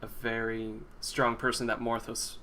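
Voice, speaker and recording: A man's voice: medium pitch, monotone, measured pace, bright, forceful tone, slight background noise. A man playing a tabletop game, describing things hesitantly with many fillers. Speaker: player.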